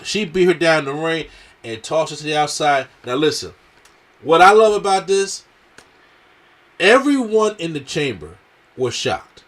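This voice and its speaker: A man's voice: a little high, animated, a little slow, long pauses, fairly bright tone. A man reviewing a wrestling show in casual slangy talk, with a strained throat, acting out what the wrestlers said.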